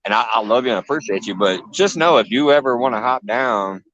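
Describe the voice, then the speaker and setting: A man's voice: mid-range voice, lively intonation, brisk, a bit bright, no echo. A man hosts a casual livestream in a loose, easygoing way, laughing often as he reads out chat names. His voice sits in the middle range and sounds dry and close. The sound is a little dull and lo-fi. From Illinois. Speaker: livestream host.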